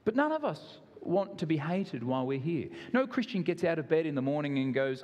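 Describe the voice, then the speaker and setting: Man, Australian accent, pastor, earnest conversational sermon, slightly high voice, echoing hall. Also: sing-song, brisk, few pauses, darkish tone, slight background noise. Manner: earnest, conversational preaching with self-deprecating asides.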